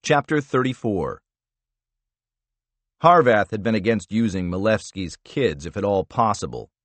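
A man reading a thriller audiobook in an expressive, measured narration style. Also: lowish voice, no echo.

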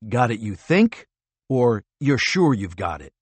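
A man doing a tough special-ops operative in an audiobook thriller, speaking in blunt, clipped lines in a lively voice. The recording is close and dry. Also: medium pitch, unhurried, breathy edge, no room sound. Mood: demanding.

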